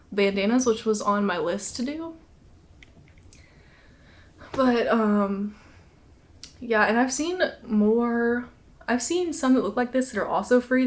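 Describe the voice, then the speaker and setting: A young woman hosting a knitting podcast, chatting casually, laughing often and a little out of breath. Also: mid-range voice. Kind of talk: casual chat.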